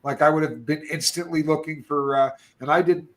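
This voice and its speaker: A man's voice: a little high, fairly quick. A middle-aged man telling prison stories in a casual chat, acting out other people's lines as he goes. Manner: animated storyteller, acts out other people's lines. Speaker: podcast guest.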